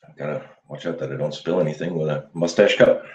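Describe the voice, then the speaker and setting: A man hosting a casual live show, chatting in a relaxed, rambling way with his viewers while he shaves. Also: rumbling low, fast. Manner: relaxed, rambling, chuckles often, talks to viewers. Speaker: livestream host. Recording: roomy dull lo-fi sound.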